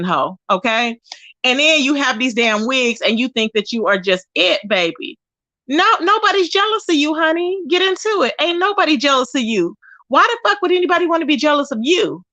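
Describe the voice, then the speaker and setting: Woman on a livestream going off on people, high voice, cussing nonstop, sassy, dry close sound. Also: sharp tone, no echo. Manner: profane, combative, scornful trash talk; drawn-out sassy asides to viewers. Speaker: livestream host. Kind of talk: ranting livestream commentary.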